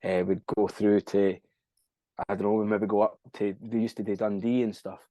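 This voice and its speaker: A man's voice: on the low side, little pitch movement, normal speed, dry recording, highs cut off. A young Scottish man, a band frontman, chatting casually as a podcast guest, rambling, swearing freely and losing track of dates. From Scotland. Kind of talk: casual interview chat.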